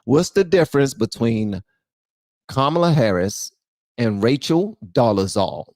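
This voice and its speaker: A man hosting a livestream, reacting to clips in casual, animated commentary and often repeating phrases. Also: medium pitch, a little slow, dry recording, studio quality. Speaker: host.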